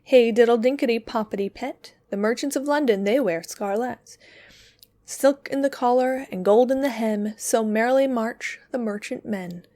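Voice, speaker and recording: A woman doing shrill, twittering little mice. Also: normal speed, dark tone, close to an everyday voice. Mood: cheeky. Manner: shrill, twittering, sing-song chanting. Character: cheeky little mice, tailoring and singing.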